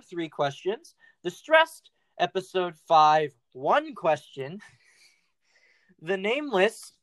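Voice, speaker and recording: A goofy, playful podcast host keeps the talk loose and casual, then suddenly shouts to announce a quiz round. The pitch sits in a middle register. The sound is dry and close, with no room echo. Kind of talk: casual chat.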